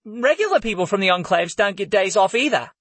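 A man's voice: high-pitched, expressive, brisk, fairly bright tone, no echo, voice pushed up. Man putting on a cheeky young slum woman. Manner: quipping, brash.

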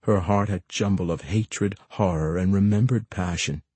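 A man narrating a fantasy story in an expressive audiobook reading. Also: sits low, normal speed, breathy edge, no echo. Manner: expressive, shifting voices for characters.

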